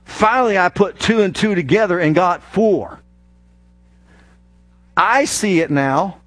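A man preaching a sermon as pastor from the pulpit, animated, with mocking asides. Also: high voice, slow pace. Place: church.

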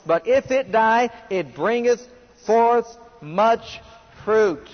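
A man's voice: high-pitched, lively intonation, extremely slow. A man preaching a fervent sermon, reading scripture and rising to emphatic bursts. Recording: long hall reverb, dull lo-fi sound.

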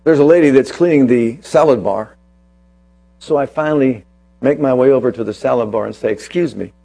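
A man preaching a sermon as pastor, telling a personal story and then slowing down to press his points with emphasis. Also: medium pitch, dark tone.

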